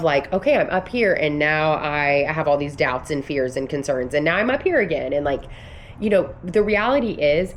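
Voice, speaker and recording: With a voice on the low side and a bit of background noise, a woman in her thirties from the United States talks through a motivational vlog. She coaches on business and belief, earnest and emphatic, rambling and restarting as she goes.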